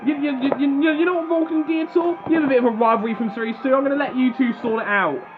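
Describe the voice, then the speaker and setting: Sulky quitting robot, voiced by a man, shouted, high-pitched, lo-fi audio. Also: fairly even intonation, fast talker, soft background music. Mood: fed up. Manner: shouted, mock-dismissive. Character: sulky male fighting robot quitting a match.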